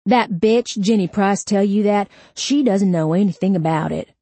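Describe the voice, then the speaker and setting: A woman's voice: mid-range voice, moderate pace, mellow, dry recording, pitched above the performer's own voice, lightly acted. A woman voicing an angry, crude young man under police interrogation, snarling and sneering, in a dry close-up audiobook recording. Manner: snarling and crude, turning whiny and panicked when hurt.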